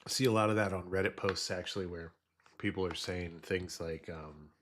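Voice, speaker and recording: Here a deep, slightly bright male voice with fairly even intonation moves at a moderate pace over slight background noise. He's trading futures on a live stream, casually rambling about trading psychology with plenty of fillers.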